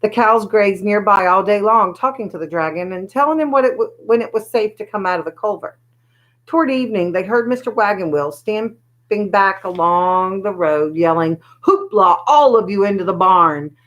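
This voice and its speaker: Woman storyteller, expressive read-aloud of a children's book, mid-pitched. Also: moderate pace, poor audio. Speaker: storybook reader.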